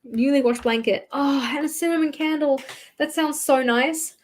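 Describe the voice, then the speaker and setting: A woman's voice: high voice, moderate pace. Giggly Australian woman chatting on a livestream. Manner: chatty and giggly, reads out viewer comments and talks to herself. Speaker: livestream host. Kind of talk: casual livestream chat while drawing.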